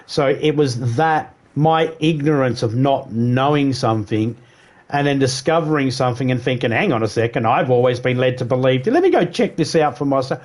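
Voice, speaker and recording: A man's voice: mid-range voice, animated, normal speed, darkish tone. An Australian man livestreaming, chatting casually with viewers in a rambling way, swearing freely and mimicking accents. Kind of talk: casual chat.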